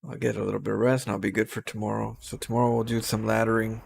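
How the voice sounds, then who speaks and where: A man's voice: fairly low pitch, little pitch movement, quick pace, creaky. A tired, yawning man who streams and casts games, talking to his viewers in loose, rambling, unscripted commentary. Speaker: game streamer and caster. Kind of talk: casual game commentary.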